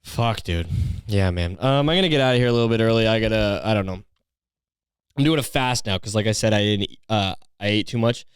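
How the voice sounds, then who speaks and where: A man's voice: fairly low pitch, fairly quick, smooth, dry recording. A man hosting a solo podcast, rambling through a story in a profane, incredulous way on a close mic. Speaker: podcast host.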